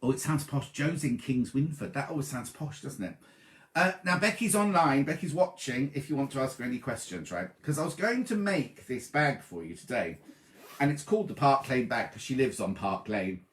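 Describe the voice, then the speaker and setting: A man's voice: mid-range voice, normal speed. A man hosting a casual sewing show, chatting and reading out viewers' greetings. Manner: chatty, reads out viewer greetings with lively asides. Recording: roomy echoey room.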